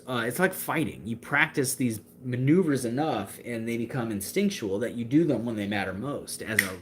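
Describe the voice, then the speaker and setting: A man's voice: medium pitch, a little hiss or hum. A young man chatting casually on a livestream, talkative and full of fillers as he answers viewers. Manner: talkative, gestures with hands, fillers and restarts. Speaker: livestream host answering chat.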